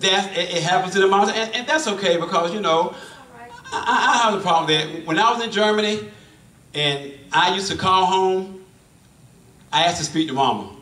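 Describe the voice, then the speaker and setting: Middle-aged guy preaching, bright voice, folksy, keeps restarting lines, echoey church room. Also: high-pitched, moderate pace, distant mic. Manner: folksy and repetitive, restarting phrases. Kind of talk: sermon. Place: church sanctuary.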